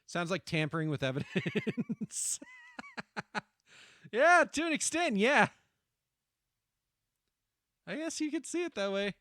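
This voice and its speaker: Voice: medium pitch, huge pitch swings, slow pace, pauses often, fairly bright tone, no room sound. A game streamer reading dialogue aloud and joking around, playful, swearing often, trying out silly voices. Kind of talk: casual gameplay commentary reading dialogue aloud.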